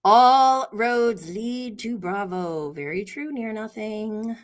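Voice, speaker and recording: A woman hosts a podcast livestream, gossiping casually and laughing often as she tells stories. Her voice is fairly high, and she speaks at a slow pace.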